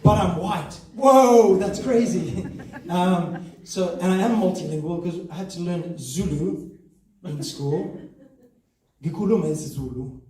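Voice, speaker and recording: A man's voice: sits high, slow pace, mellow. A man doing a stand-up set on a theatre stage, chatty and self-mocking, often laughing between lines. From South Africa. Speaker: stand-up comedian. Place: theatre stage before a live audience. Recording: echoey hall from far off.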